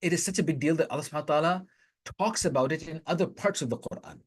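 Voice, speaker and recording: Husky-voiced man teaching a Quran lesson. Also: on the high side, very fast. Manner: conversational, explains step by step and recites Arabic verses. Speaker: Islamic teacher. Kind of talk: Quran lesson explaining verses.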